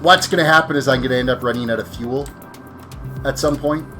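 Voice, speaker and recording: Soft music plays behind a brisk, sharp-toned man of medium pitch. Worn out, he streams his gameplay live and talks casually to viewers, wandering between thoughts and correcting himself while he plays.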